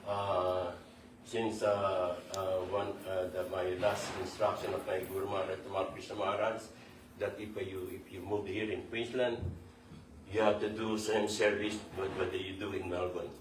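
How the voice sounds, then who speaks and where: Low, flat-voiced man in echoey hall. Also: moderate pace. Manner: rambling, many fillers, non-native grammar. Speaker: devotee giving a homage. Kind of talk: informal spoken tribute. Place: large temple hall. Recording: echoey hall, voice from far off, faint background noise.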